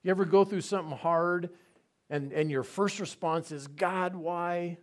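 A man giving a conversational Bible teaching, relaxed and asking his listeners rhetorical questions. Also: fairly high pitch, normal speed.

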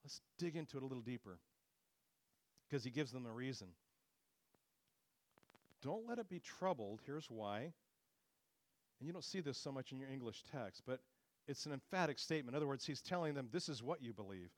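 A man's voice: mid-range voice, big pitch swings, moderate pace, pauses often, dry recording. Man preaching, earnest and dry. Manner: earnest expository preaching, rising on quoted scripture. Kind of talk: sermon.

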